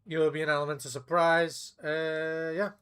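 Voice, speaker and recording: A man's voice: on the high side, level tone, moderate pace, a bit bright, smooth. A man streaming a video game, chatting casually in a rambling, profane way, with restarts. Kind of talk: casual gameplay commentary.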